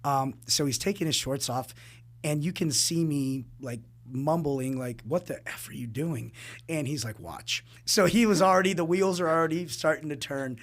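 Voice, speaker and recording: Animated man telling fight stories. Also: a little high. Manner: animated storyteller, laughs often, quick asides. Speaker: fight coach, guest. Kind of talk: casual interview chat.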